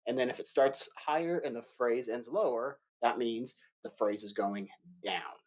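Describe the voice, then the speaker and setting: A man teaching an elementary music lesson for children, explaining patiently and slowly with playful asides. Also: medium pitch, darkish tone. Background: guitar playing.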